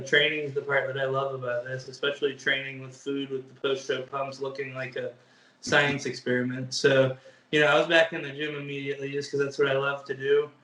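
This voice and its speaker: A man's voice: medium pitch, pushed and bright, far from the mic. A young man, a bodybuilder, chatting casually as an interview guest, easygoing and hesitant with lots of fillers. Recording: echoey room.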